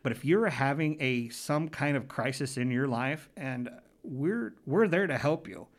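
A man's voice: medium pitch, measured pace. A man in his forties, a paranormal investigator, telling a rambling, earnest story in a casual interview, restarting his sentences as he goes.

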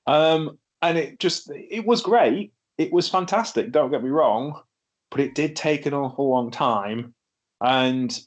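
A man hosting a casual wrestling review chat, laughing often and sounding wry. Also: mid-range voice. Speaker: podcast host.

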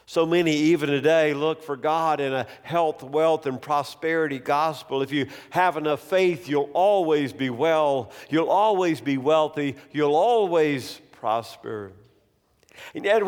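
A male preacher delivering a sermon slowly and emphatically, repeating key phrases for weight. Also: fairly high pitch. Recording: long hall reverb.

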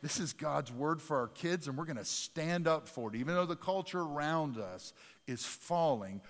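A man with a slightly raised pitch preaches a sermon, swinging between quiet, confiding asides and loud, emphatic bursts. His folksy, self-deprecating humor keeps the tone conversational. His voice rings with the long reverb of a church sanctuary. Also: expressive, moderate pace. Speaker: pastor.

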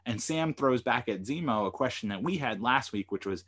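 A man's voice: mid-range voice, normal speed. Man animatedly recapping a TV episode. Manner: animated, retells scenes with quoted lines. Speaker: podcast host and lawyer.

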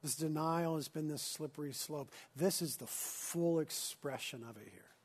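Earnest male preacher, soft to urgent. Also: on the high side, normal speed, slightly rough. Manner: earnest, swings between urgent emphasis and hushed whispers. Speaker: pastor. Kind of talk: sermon.

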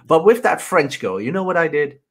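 A man's voice: a little high, sing-song, a little fast. A man from the Netherlands, co-hosting a casual podcast and telling stories playfully. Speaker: podcast co-host.

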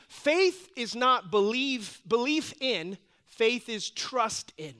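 A middle-aged man preaching a sermon, telling a personal story in an animated way that drops to hushed intensity. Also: sits high. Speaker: pastor.

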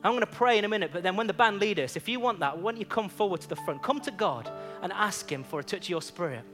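A man's voice: high-pitched, animated, fast talker, over music. A man preaching a sermon, telling a personal story and then urging the congregation on with rising fervor. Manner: storytelling that builds into fervent exhortation.

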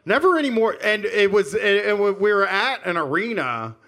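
Casual co-host, male, high and bright, animated storyteller who laughs and swears a lot. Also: moderate pace. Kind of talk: casual chat.

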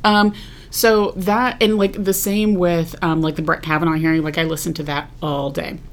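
A woman's voice: on the low side, level tone, normal speed. A woman co-hosting a podcast, talking in a chatty, rambling way with lots of fillers. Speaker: podcast co-host. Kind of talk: casual chat.

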